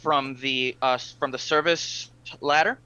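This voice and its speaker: A man narrating as game master in a tabletop game, halting and filling gaps with fillers and restarts. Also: mid-range voice, steady tone, pushed and bright, clear, resonant tone, no echo, dull audio.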